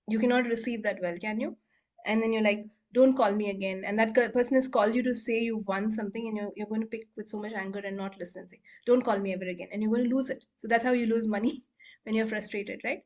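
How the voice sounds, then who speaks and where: Woman chatty coach with quick murmured refrains. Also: on the high side. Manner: rattles off repeated clearing phrases in a quiet murmur; chatty, laughs often, acts out quoted voices. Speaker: healing coach and facilitator. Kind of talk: casual teaching on a group call.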